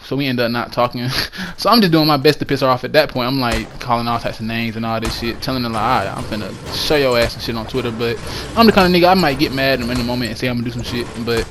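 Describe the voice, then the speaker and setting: A man vlogger telling a personal story in a casual monologue, emphatic and excitable, with frequent swearing. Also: mid-range voice, quick pace, noisy background.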